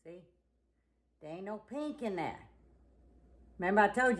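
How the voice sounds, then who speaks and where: A woman, chatting folksy and warm to her viewers while she cooks in her kitchen. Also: medium pitch, lively intonation, moderate pace, long pauses. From southern United States. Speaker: home cooking vlogger. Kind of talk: casual cooking demonstration. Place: home kitchen at the stove.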